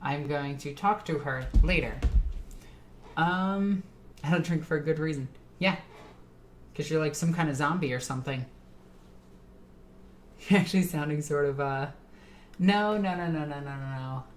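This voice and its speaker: A woman's voice: low voice, normal speed, pauses often, a little hiss or hum. A tipsy woman streamer chatting casually with her live chat, rambling and laughing often.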